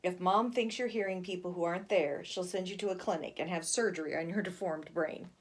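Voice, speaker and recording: A woman's voice: on the low side, a little fast, breathy edge. A woman voicing a bossy teenage big brother who talks in a scoffing, lecturing way.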